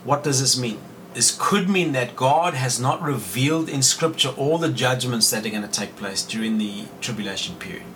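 A man hosting a podcast, reading Bible verses aloud and explaining them in a measured way. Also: medium pitch, distant mic, background noise. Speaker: podcast host teaching scripture.

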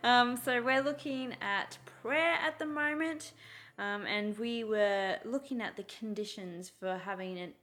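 A woman hosting a church podcast, chatting casually and leading the discussion with frequent pauses and "um"s. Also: a little high, a bit bright. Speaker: podcast host.

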